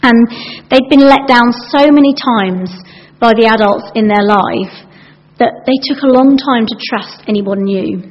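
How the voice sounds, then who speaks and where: A woman's voice: a little high, unhurried. A woman giving a sermon in a chatty, anecdotal way, acting out the lines she quotes. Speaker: preacher. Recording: dull sound with long hall reverb.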